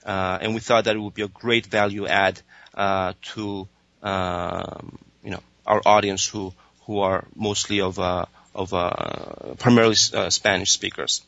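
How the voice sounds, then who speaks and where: A man with a low but bright, forward voice answers interview questions. He hesitates constantly, filling gaps with uh and um and restarting phrases. The recording is dry and somewhat dull. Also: unhurried, gravelly, no room sound. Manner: hesitant, many fillers and restarts. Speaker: streaming executive guest.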